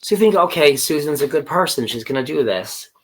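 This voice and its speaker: A man's voice: a little high, brisk, slight background noise. A man co-hosting a podcast, casually retelling TV scenes and acting out the characters' lines as he goes. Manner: animated storyteller who acts out characters' lines. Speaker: podcast co-host. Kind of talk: casual chat recapping a TV episode.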